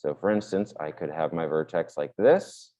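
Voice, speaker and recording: A man's voice: rumbling low, moderate pace, warm tone, rough recording. A man teaching a math lesson in a casual, explanatory way while drawing on a board, with the odd filler. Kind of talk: classroom lecture at a board.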